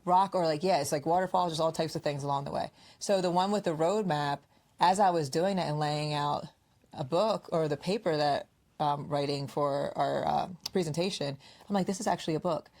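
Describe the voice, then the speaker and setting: A woman's voice: deep voice, fairly quick. A woman co-hosting a podcast, chatting casually and telling stories, acting out what her friends said. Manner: animated storyteller, acts out quoted friends. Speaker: podcast co-host. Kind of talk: casual conversational podcast chat.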